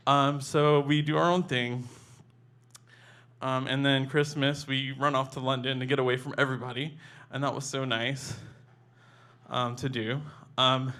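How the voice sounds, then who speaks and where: A man's voice: medium pitch, level tone, unhurried, pauses often, pushed and bright. A man telling a personal memoir story in a casual, conversational way, full of "like" and restarts.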